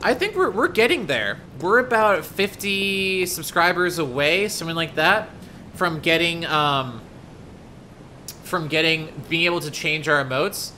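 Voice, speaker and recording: A chatty, excitable young man commentates a game live at his desk microphone, his voice sitting a little high. He often flips into panicky yelps. Clear background noise runs under the stream. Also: a little slow. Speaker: gaming streamer.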